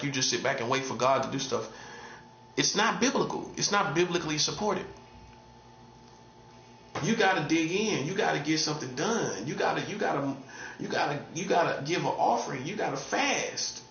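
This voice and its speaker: A man's voice: on the high side, moderate pace, creaky, a bit bright, echoey room, highs cut off, slight background noise. A man preaching in a casual, street-talking way, repeating himself and laughing at his own jokes. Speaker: prophet. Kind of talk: informal preaching monologue.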